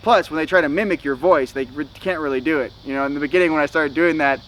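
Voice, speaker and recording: A man's voice: fairly high pitch, fast, a bit bright, slight background noise, poor audio. A young man hosting a spiritual vlog, talking in a loose, slangy way with many "you know"s and "okay"s. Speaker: spiritual channel host. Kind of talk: casual spiritual vlog talk.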